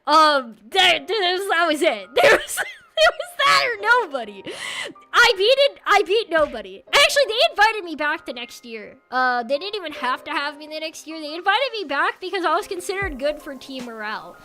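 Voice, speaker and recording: A young woman streaming and chatting casually with viewers, animated, often yelling and laughing. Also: sits high, moderate pace.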